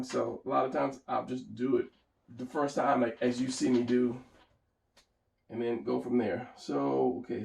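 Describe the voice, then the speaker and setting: A man's voice: medium pitch, vocal fry, roomy sound, distant mic, rough recording. A man thinking aloud as he talks through his drawing, casual and rambling. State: tired, hiccuping and yawning. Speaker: artist narrating a drawing session.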